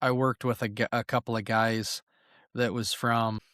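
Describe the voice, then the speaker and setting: A man's voice: mid-range voice, level tone, normal speed, fairly bright tone, no room sound, clean studio sound. Blunt, cussing man with a Southern-sounding drawl. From northwest Ohio. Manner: blunt and profane, with laughing asides. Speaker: podcast co-host. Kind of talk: casual chat.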